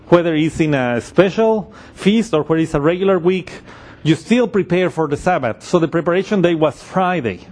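A man teaching through a Bible passage in a measured, explanatory way. His voice sits a touch higher than most men's, and he works through each point step by step. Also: a little mellow.

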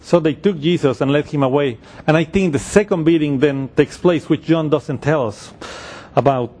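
A man teaching through a Bible passage in a measured, explanatory way. His voice sits a touch higher than most men's, and he works through each point step by step. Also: darkish tone.

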